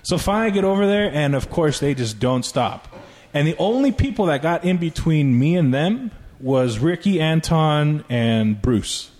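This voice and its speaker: Profane storytelling man, higher voice. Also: moderate pace. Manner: profane, animated storytelling with acted quotes. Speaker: comedian telling a story. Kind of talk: casual podcast chat.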